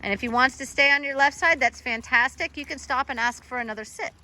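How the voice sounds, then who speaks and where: A woman's voice: high voice, fast, sharp tone. A woman dog trainer coaching a trainee in an encouraging, instructive way.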